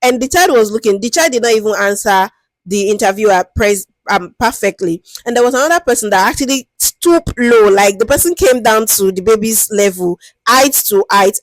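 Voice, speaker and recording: Speaking briskly with no echo, a lively Nigerian woman teaches product management in a casual, conversational way. She keeps asking "do you understand?" and slips into a higher, sweeter voice to act out interview lines.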